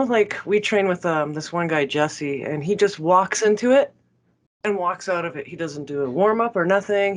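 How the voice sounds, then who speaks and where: A woman with a Canadian accent co-hosting a podcast, jokey and playful in casual chat. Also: fairly low pitch. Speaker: podcast co-host.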